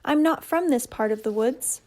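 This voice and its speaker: A woman's voice: high voice, moderate pace, a little mellow, lightly acted. A woman voicing a young, shy, weepy boy bear cub with a small, plaintive voice.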